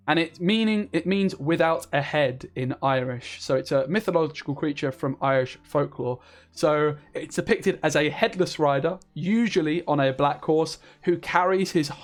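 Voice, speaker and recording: Enthusiastic man reviewing game cards. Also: on the high side. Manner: chatty and enthusiastic, with frequent fillers. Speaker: card game content creator. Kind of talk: casual card review commentary.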